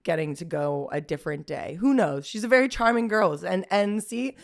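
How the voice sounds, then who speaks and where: A woman's voice: normal speed, gravelly. A woman, hosting a podcast and telling a story in casual chat, acting out quotes with big jumps in her voice. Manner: animated, acts out quotes with big pitch jumps, laughs often. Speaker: podcast host.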